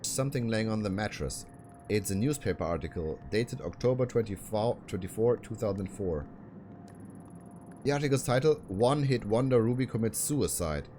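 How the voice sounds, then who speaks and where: A man's voice: fairly low pitch, expressive, moderate pace, background noise, lightly acted. A man reading a female detective's lines from a game in a plain voice. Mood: somber.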